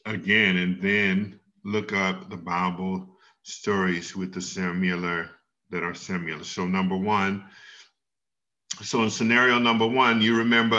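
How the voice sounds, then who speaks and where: Slow-talking man teaching online. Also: low-pitched, bright, forceful tone. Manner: slow, patient, questioning the class. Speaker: Bible class teacher. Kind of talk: online Bible class lesson. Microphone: video call. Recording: dull lo-fi video call audio.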